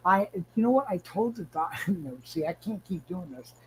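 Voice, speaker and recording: A man's voice: high voice, expressive, a little slow, slight background noise, poor audio. Male streamer, in pain, sleepless, angry, swears and rambles. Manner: agitated, profane, rambling with restarts. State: in pain, struggling to stay awake. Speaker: livestream host. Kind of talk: casual livestream chat.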